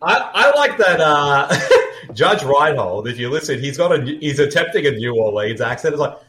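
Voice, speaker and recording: A man's voice: fairly high pitch, sing-song, fairly bright tone, slight background noise. A man co-hosting a casual movie commentary, joking and laughing often. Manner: jokey, laughing, quick asides. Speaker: podcast co-host. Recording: roomy echo.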